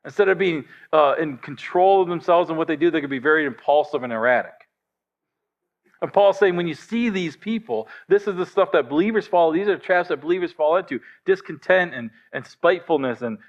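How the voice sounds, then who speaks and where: A middle-aged man preaching a sermon to his church in a conversational, storytelling way with gentle humor. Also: fairly high pitch, dull audio. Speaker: pastor.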